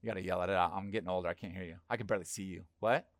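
A man's voice: sits low, steady tone, rapid-fire, no room sound. Man preaching a conversational sermon. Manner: conversational, asks the congregation questions. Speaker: pastor.

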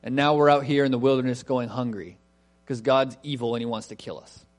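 A preacher mimicking whiny grumbling wanderers. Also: male voice, medium pitch, fairly even intonation, fairly quick, faint music behind, pitched below the performer's own voice, close to an everyday voice. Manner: sarcastic complaining. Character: whining, ungrateful grumbling wanderers.

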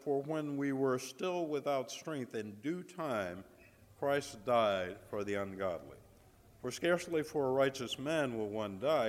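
A man preaching a sermon, telling a story with dramatic pauses and emphatic repetition. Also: mid-range voice. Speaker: guest preacher. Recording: long hall reverb.

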